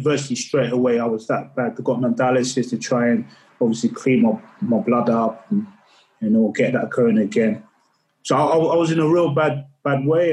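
A middle-aged man speaks candidly in a podcast interview. He is earnest and tells his story with restarts and repeated words. His pitch sits mid-range for a man. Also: darkish tone, low-quality recording. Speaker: podcast guest.

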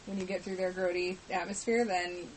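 A woman's voice: fairly low pitch, little pitch movement, fairly quick, slight background noise, low-quality recording. A woman co-hosting a casual podcast, laid-back and giggly, often trailing off mid-thought. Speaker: podcast co-host. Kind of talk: casual chat.

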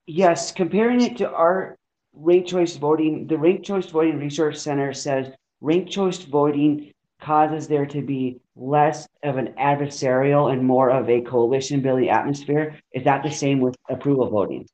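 A man hosting an interview, asking measured, prepared questions. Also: a little high, a little mellow, lo-fi sound. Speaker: interview host.

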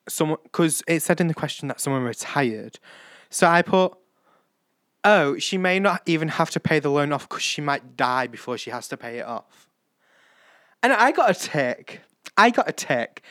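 A British podcast host in his or her late teens rambles through a casual solo catch-up, chatty and self-mocking. The voice is medium in pitch and fairly bright, recorded with clean studio sound and no room echo.

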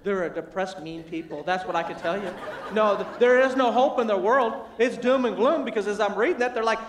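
A man with a strikingly high voice delivers a humorous motivational sermon, jumping in pitch as he tells a family story with self-deprecating jokes. The sound is roomy and echoey, and the mic sits at a distance. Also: brisk.

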